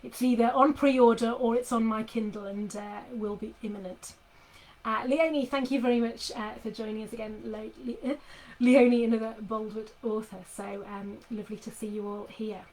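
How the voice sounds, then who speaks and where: Middle-aged woman author, chatty live stream from her home desk, slightly high voice, lots of ums and restarts. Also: fairly even intonation, moderate pace, darkish tone, rough recording. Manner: chatty, many fillers and restarts. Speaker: author talking to readers. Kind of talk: casual live chat with readers. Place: home office.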